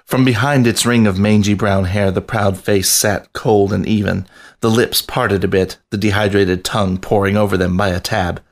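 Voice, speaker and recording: A man reading a story aloud on a podcast, narrating in a steady, even voice. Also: on the low side, moderate pace.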